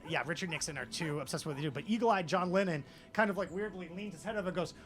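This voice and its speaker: A man's voice: high-pitched, fast talker, fairly bright tone. A man narrating as game master of a tabletop role-play, rambling with many fillers.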